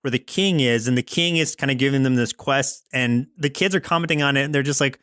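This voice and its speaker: A man's voice: medium pitch, brisk, fairly bright tone, clear, resonant tone, dry recording, clean studio sound. A man co-hosting a podcast, casually recapping a cartoon episode in a rambling way with lots of "like". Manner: rambling storyteller, heavy use of "like", acts out quotes. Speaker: podcast co-host.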